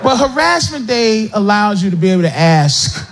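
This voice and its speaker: A man's voice: high voice, big pitch swings, moderate pace, noisy background. A man doing stand-up comedy, playful and mimicking other voices.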